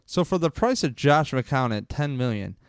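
A man's voice: mid-range voice, animated, moderate pace, clean tone, no echo, studio quality. Rambling man ranting about football. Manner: rambling, gets fired up and swears. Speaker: podcast host. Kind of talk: casual sports rant. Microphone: close microphone.

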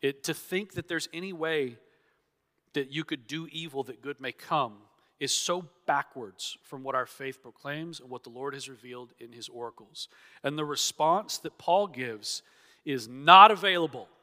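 A pastor's mid-range voice, at normal speed and with a sharp tone, carries an expository sermon through a church hall's long reverb. He preaches with earnest emphasis, acting out each objection he quotes.

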